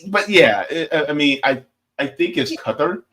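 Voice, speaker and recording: A man's voice: a little high, animated, moderate pace, bright, forceful tone. An American man, a guest on a casual political chat, explaining his points with hesitant restarts and little stories. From United States.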